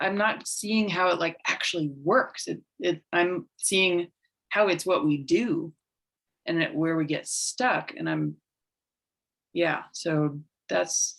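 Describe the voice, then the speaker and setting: A woman's voice: on the low side, gravelly, a bit bright. A woman workshop participant thinking aloud as she asks a question, hesitant and restarting while she searches for her words.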